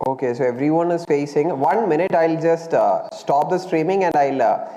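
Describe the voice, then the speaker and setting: An energetic young man with an Indian English accent runs a live online physics class, calling out to his students and sliding Hindi words into his English. His voice sits a touch high for a man and rings with a long room echo. A faint hum of ambience stays underneath. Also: normal speed. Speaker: physics teacher. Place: indoor room, live stream.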